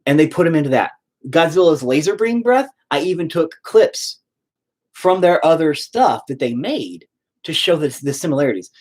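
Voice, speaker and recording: Husky man ranting with lively pitch. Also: normal speed. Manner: profane, ranting and exasperated. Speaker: streamer painting live. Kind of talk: casual livestream chat.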